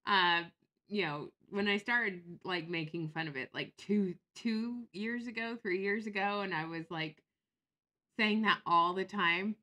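A woman chatting on a casual livestream, sarcastic and quick to laugh as she reacts to viewers. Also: mid-range voice, sharp tone.

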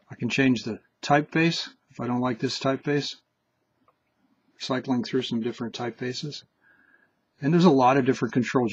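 A man talks through a tablet app in a relaxed, conversational tutorial voice. His tone is a little husky, and the recording sounds dry and muffled, like a basic home voice-over. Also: medium pitch, dry recording. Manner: casual, chatty explaining with restarts. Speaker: tutorial host.

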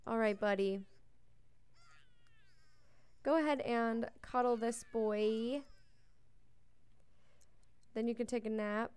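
A young woman narrating her own game playthrough in a relaxed, talkative way, often gushing over how cute things are. Her voice sits a little high and sounds smooth and clean. She reads the game's prompts out loud as she goes. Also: slow, long pauses. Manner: chatty and gushing, coos over cute moments; reads on-screen game text aloud. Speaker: let's play host. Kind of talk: casual gameplay commentary.

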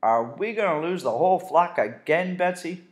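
An older woman reading a storybook aloud, voicing a stern, gruff male farmer who scolds and booms. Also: animated, normal speed, lightly acted. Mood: scolding. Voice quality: scolding, booming delivery.

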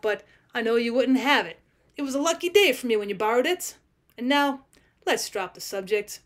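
A woman reading the lines of a vain, arrogant male criminal, giving them a brash, louder delivery than her narration. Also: on the high side, lightly acted. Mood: boastful.

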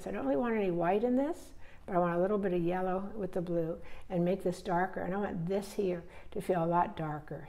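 A woman teaching painting, relaxed and thinking aloud step by step as she paints. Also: on the low side. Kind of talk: narrating a live painting demonstration.

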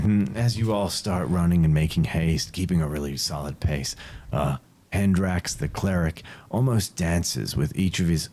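An Australian man running a tabletop game as game master, relaxed and chatty, slowing down for dramatic narration. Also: low voice, breathy edge.

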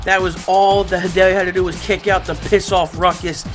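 A young man doing excited let's-play commentary as a gaming YouTuber, yelling at big moments. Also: sits high, moderate pace, music in the background.

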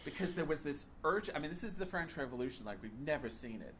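A man's voice: on the high side, expressive, fast, a bit bright, a little hiss or hum. Enthusiastic man hosting an interview. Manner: enthusiastic, tries out bits of French. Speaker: interview host. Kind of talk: casual interview.

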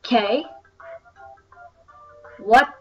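Chatty high-voiced young woman gamer. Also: extremely slow, darkish tone. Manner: chatty, wandering, many ums. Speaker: gaming channel host. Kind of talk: casual gameplay commentary. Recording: distant, dull lo-fi mic with faint music. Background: faint game music.

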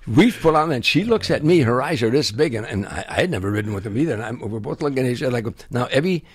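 Older male comedian guest, husky voice, acts out every character, dry close sound. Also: mid-range voice, fast, no room sound. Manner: acts out other people's voices and sound effects, lively storyteller. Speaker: comedian guest telling stories. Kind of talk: animated anecdote telling.

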